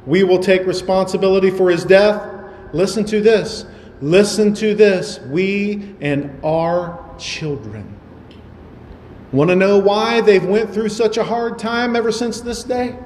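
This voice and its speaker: A man preaching a sermon in a church, with a high voice. He drives his points home with emphatic, repeated rhetorical questions. The sound rings with long, roomy reverb over a faint background hum. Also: darkish tone. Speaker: pastor. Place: church sanctuary. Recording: echoey hall with faint ambience.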